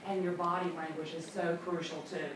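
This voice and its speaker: A woman's voice: lowish voice, level tone, moderate pace. A woman trainer leading a classroom training session, upbeat and chatty, acting out little scenes. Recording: echoey room from far off, noisy.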